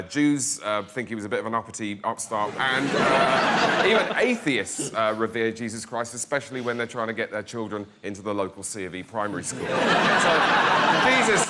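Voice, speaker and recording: A man making a dry, wry comic argument on a panel show, building lists to punchlines. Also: fairly low pitch. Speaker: comedian arguing a side. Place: studio with live audience. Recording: loud laughing crowd, noisy.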